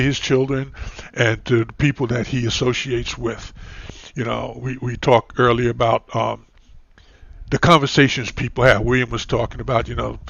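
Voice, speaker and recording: A man hosting a talk show over an online call, chatty and full of "you know"s, his voice a little hoarse. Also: mid-range voice, fairly bright tone, no echo, muffled recording. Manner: chatty, many filler "you know"s and restarts. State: losing his voice, clearing throat. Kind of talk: casual talk show conversation.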